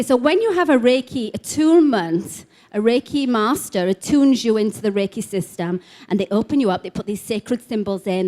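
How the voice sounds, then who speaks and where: A woman giving a chatty, animated storytelling talk to a live audience at an expo, acting out the quotes. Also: mid-range voice. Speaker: speaker at a spiritual expo.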